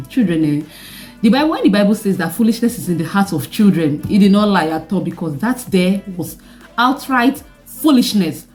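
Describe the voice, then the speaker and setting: A young Nigerian woman with a Nigerian accent, telling a personal story in a vlog with animated delivery and laughing asides. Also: mid-range voice, brisk, faint music behind. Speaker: vlogger.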